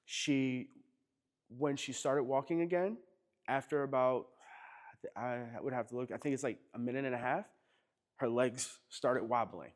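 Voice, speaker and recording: An East Coast American chiropractor tells casual stories to a live workshop group in a medium-pitched, unhurried voice. He's chatty and often laughs as he acts out quotes.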